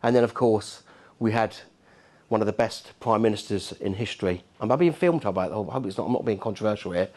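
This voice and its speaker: Punchy middle-aged Cockney keynote speaker. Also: male voice, fairly low pitch, a little fast, a little mellow. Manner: punchy, rhetorical, keeps checking in with the crowd. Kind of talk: lively conference speech. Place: conference hall.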